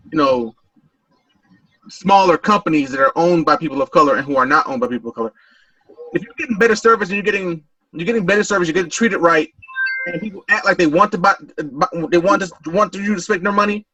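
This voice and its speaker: A man with a bright, forceful voice chats casually on a group podcast, stumbling and repeating words as he tells his story. He sits away from the mic in a dry, dead-sounding room. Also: sits high, no room sound. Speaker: podcast panelist. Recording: voice distant from mic.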